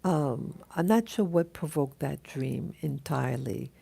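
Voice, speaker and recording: Low slow woman vlogger, gravelly and husky, warm dark tone, lots of um and restarts. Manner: halting, many restarts and fillers. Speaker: vlogger recounting a dream. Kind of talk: casual rambling monologue. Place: live stream, greeting viewers.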